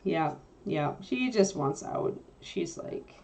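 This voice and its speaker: A woman's voice: low voice, expressive, slow, gravelly, mellow, lo-fi sound. A woman hosting a casual livestream, chatty and easygoing, who breaks off now and then to talk to her dog. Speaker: livestream host.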